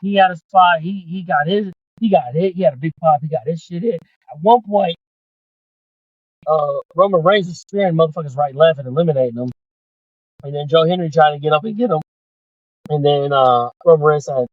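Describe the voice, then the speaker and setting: A man hosting a podcast, retelling events in casual chat, excitable and swearing freely. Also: on the high side, fairly quick, no echo. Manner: excitable, profane storytelling. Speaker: podcast host. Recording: dull lo-fi dry sound.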